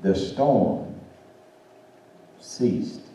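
A man's voice: lowish voice, lively intonation, drawn-out words. A man preaching a sermon and telling a story, answered by a congregation. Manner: call-and-response preaching, rising to shouts. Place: church sanctuary. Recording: roomy church sound from far off.

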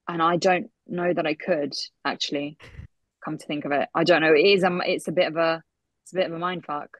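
A woman's voice: low-pitched, fairly even intonation, fairly quick, dry recording. Easygoing woman actress musing in chat. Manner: reflective, easygoing, trailing off in restarts. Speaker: voice actress guest. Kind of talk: casual interview chat.

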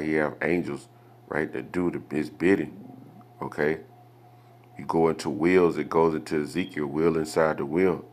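A man with an extremely deep voice leads a scripture lesson. He reads verses aloud, then breaks them down with rhetorical questions and a steady stream of "okay?" check-ins. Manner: asks rhetorical questions, adds "okay?" after points. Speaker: Bible teacher. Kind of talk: Bible study teaching.

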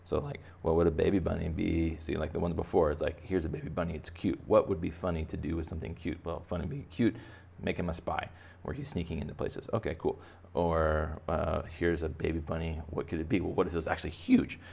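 A man's voice: extremely low pitch, steady tone, fairly quick, vocal fry, few pauses, darkish tone, husky. A man giving a playful, rambling drawing lesson for children, with many fillers. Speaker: drawing teacher. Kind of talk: casual drawing tutorial for kids.

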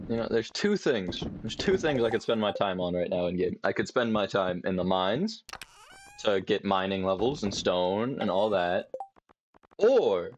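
A lowish male voice sounds lo-fi with slight background noise. The young man is streaming a farming game on a desk mic with webcam, giving casual, profane, rambling commentary to himself.

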